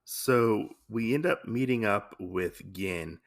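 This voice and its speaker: A man's voice: fairly low pitch, takes it slowly. A man hosting a podcast, casually recapping a comic story in a rambling, amused way. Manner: rambling, many fillers and restarts, amused. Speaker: podcast host.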